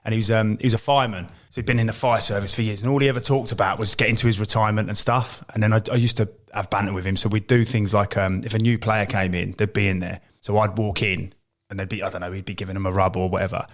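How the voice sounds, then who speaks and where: A man's voice: on the low side, fairly even intonation, fast talker, a bit bright. A middle-aged man, a former footballer and manager, telling rambling anecdotes on a podcast. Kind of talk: casual storytelling chat.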